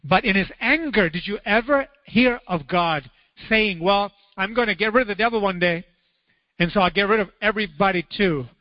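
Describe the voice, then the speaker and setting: A male pastor preaching a sermon, telling stories in an animated way and acting out the voices with sudden high cries. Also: normal speed, no echo, long reverb tail, highs cut off.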